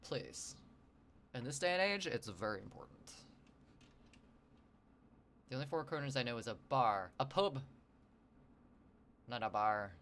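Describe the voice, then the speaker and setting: Guy sketching on stream, chatty and goofy, bright punchy voice, mid pitch. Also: expressive, a little slow, pauses often, a little hiss or hum. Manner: rambling, jokey, talks to chat. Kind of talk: casual livestream chat while sketching.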